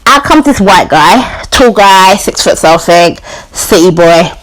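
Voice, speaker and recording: A woman's voice: lowish voice, animated, unhurried, a little hiss or hum, poor audio. A woman telling a personal story on her vlog in a chatty way, full of "you know" and "like", acting out the people she quotes. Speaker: YouTuber.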